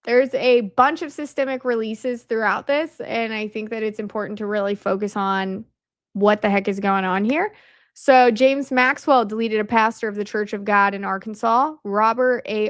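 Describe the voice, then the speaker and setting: A woman's voice: medium pitch, no room sound, clean studio sound. A woman hosting her video from home, talking casually through slides with lots of fillers and asides, her voice strained and worn. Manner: conversational, with frequent fillers and asides. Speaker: video host. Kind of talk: casual commentary over on-screen slides. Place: at home, at night. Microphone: camera mic at a desk.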